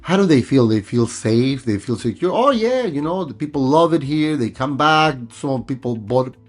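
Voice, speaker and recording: A man's voice: medium pitch, animated, moderate pace, faint music behind. A middle-aged man, a native Spanish speaker originally from Mexico, hosting a casual, rambling vlog monologue and repeating himself often. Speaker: vlog host.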